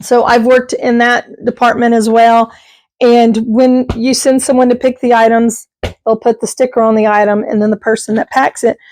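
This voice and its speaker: A woman's voice: on the high side, little pitch movement, moderate pace, darkish tone, no echo. A middle-aged woman, chatting casually to her viewers as a vlogger, rambling and laughing often. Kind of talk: casual chat.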